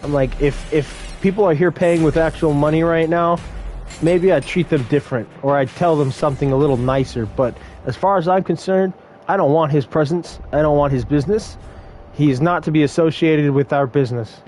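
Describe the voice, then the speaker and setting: A young man telling brash, animated stories about run-ins with customers at his fast food job. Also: a little high, faint music behind. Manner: brash, animated retelling of confrontations. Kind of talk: casual storytelling vlog.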